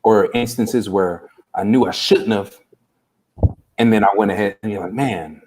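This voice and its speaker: A man's voice: fairly low pitch, moderate pace, a little mellow, slight background noise. A man, a guest coach on a live interview show, telling a personal story earnestly and acting out the dialogue. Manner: earnest, acts out quoted dialogue.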